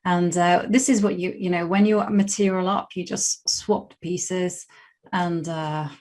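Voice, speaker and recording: A woman's voice: on the low side, fairly even intonation, measured pace, a little mellow. A young adult woman with a West London English accent, chatting casually and laughing often while she plays chess on a live stream and thinks aloud. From England.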